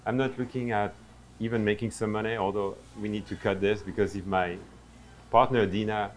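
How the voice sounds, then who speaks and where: A man's voice: on the low side, fairly even intonation, normal speed, a little hiss or hum. A middle-aged man with a French accent, a chef and restaurant owner, chatting in an interview with self-mocking humor, in a busy restaurant. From France. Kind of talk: casual interview. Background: diners chatting and laughing.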